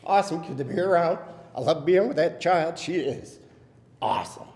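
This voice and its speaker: Choked-up father with lively pitch. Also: fairly quick. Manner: choked-up, laughing, effusive. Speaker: parent of an award winner. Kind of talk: emotional speech at an awards ceremony. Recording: hall reverb with faint room noise.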